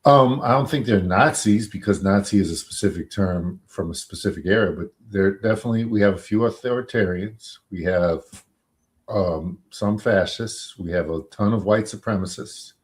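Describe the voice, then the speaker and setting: A man with a lowish voice, a defense attorney under interview, answers in a measured, halting way, with many pauses and fillers.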